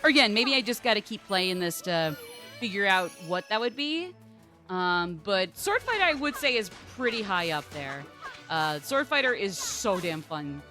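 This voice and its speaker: A woman's voice: mid-range voice, very animated, normal speed, sharp tone, faint music behind. A woman streamer giving casual, rambling gameplay commentary, full of "like" and playful swearing.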